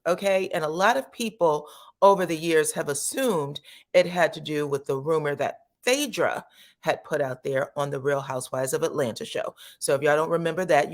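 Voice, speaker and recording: A woman hosting a casual gossip commentary, chatty and animated, tagging her points with "okay?" and acting out quotes in sudden high voices. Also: normal speed. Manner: chatty and animated, peppers speech with "okay?" and "child"; acts out quotes with sudden high pitch jumps. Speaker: commentary channel host.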